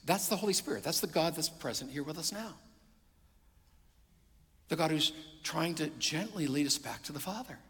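A middle-aged man, a pastor preaching a sermon, swinging between loud emphasis and hushed near-whispers. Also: on the high side, expressive, moderate pace, pauses often. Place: church sanctuary. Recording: long hall reverb.

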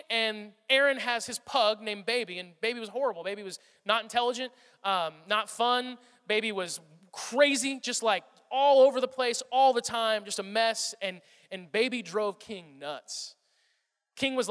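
A man's voice: high-pitched, sharp tone, clear, resonant tone, long reverb tail. A man preaching a sermon in a loose, conversational way, often repeating words and slipping into stories. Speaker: pastor.

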